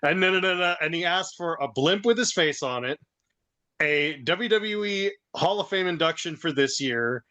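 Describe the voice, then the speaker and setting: A man co-hosting a podcast, telling a story in a casual, excitable way and laughing often. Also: fairly high pitch, moderate pace. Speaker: podcast co-host. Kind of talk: casual chat.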